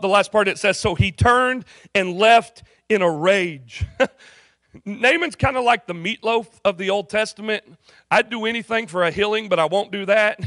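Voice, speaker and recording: A man's voice: high-pitched, dry recording, studio quality. A man preaching a sermon as a pastor in a university chapel, telling the story with jokes and acted-out voices. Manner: animated, jokey storytelling with voiced characters. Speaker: campus pastor.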